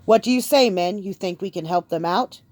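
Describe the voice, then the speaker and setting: A woman's voice: mid-range voice, moderate pace, a little mellow, no room sound, natural voice. A woman narrator voicing a resolute young king giving a rousing speech to his people. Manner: rousing, speech-making delivery.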